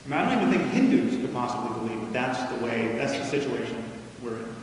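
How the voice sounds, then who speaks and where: A man giving a measured, argumentative lecture to an audience, often restarting his sentences. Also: medium pitch, expressive, a little hiss or hum. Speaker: public speaker. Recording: echoey hall recorded from far off.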